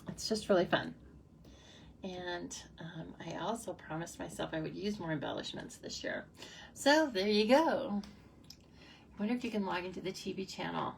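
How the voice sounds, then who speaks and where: A woman's voice: lowish voice, creaky. Bubbly woman chatting at a craft table. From United States. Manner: chatty and bubbly, reacts to comments, frequent laughs. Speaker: stamping demonstrator hosting a live stream. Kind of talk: casual live crafting demo, chatting with viewers. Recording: somewhat distant mic with faint noise.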